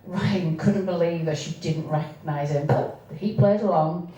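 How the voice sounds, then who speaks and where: A woman reading from her own novel, with hesitant spoken asides between steady passages. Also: fairly low pitch, unhurried. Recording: echoey room, distant mic, faint noise.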